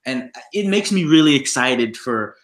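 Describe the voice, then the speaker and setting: A man's voice: mid-range voice, expressive, moderate pace, fairly bright tone, roomy sound. A man co-hosting a podcast, chatting casually about video games, rambling and repeating himself as he rants. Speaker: podcast co-host.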